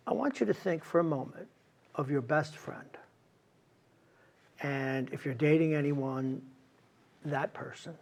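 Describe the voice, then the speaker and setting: A man's voice: a little high, unhurried, vocal fry, long pauses, darkish tone. A man hosting an interview who asks probing, reflective questions in a conversational way. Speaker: interview host.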